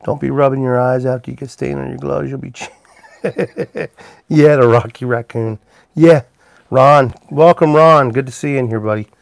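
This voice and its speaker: A man streams live from his workshop, making pipes and chatting in a relaxed, rambling way while greeting viewers by name. His gravelly, mid-range voice holds a steady tone at a moderate pace, and there's no room sound.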